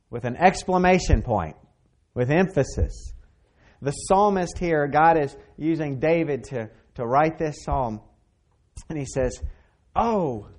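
A man preaching a sermon, earnest and emphatic, repeating phrases and swinging between loud and soft. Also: fairly high pitch, expressive, unhurried. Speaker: pastor.

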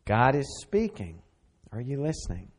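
A man preaching a sermon, earnest and emphatic, repeating phrases and swinging between loud and soft. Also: mid-range voice, sing-song, measured pace. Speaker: pastor.

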